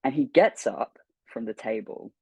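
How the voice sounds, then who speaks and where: Brief: man, guest on an interview stream, husky mid-pitched voice, animated storyteller who swears casually. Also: unhurried, no echo, low-quality recording. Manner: animated, swears freely, acts out quoted dialogue. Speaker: guest voice actor. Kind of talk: storytelling anecdote.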